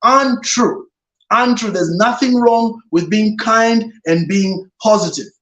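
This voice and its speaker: A reverend giving an emphatic motivational talk on leadership, often repeating "no, no, no" to dismiss ideas. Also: male voice, high voice, takes it slowly, fairly bright tone. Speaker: guest speaker, reverend. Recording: roomy echo.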